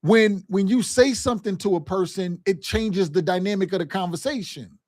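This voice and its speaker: A man's voice: high-pitched, normal speed, darkish tone, no room sound, studio quality. A man coaching a sales lesson, talking emphatically in casual vernacular and repeating "right?" and "okay?" to his listeners. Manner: emphatic, repetitive, direct address with frequent "right?" and "okay?"; acts out quoted phone calls and family scenes in livelier voices.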